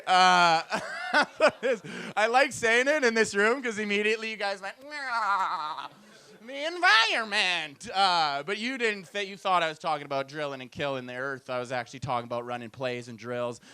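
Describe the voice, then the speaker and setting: A man's voice: sits high, normal speed, bright, forceful tone, clear, resonant tone. A young man from Alberta doing loose, slangy stand-up crowd work as host of a comedy night. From Edmonton, Alberta, Canada. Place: comedy club stage with audience.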